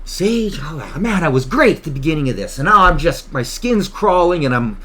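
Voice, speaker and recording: A man's voice: fairly high pitch, big pitch swings, normal speed, sharp tone. A man from Canada hosting his own political vlog, worked up and emotional, talking in an agitated, impassioned way and repeating himself. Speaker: political vlogger host.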